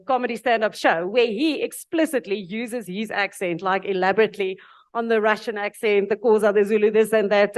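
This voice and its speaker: A woman's voice: a little high, dry recording. A South African woman with an Afrikaans accent, speaking earnestly and with animation at a panel event before an audience. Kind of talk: reflective speech at a dialogue event.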